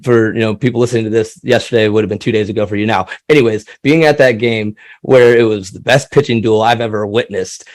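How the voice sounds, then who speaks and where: A man chatting casually about sports as a passionate, excitable fan who swears freely. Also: fairly low pitch, fast talker, hardly any pauses, dry recording.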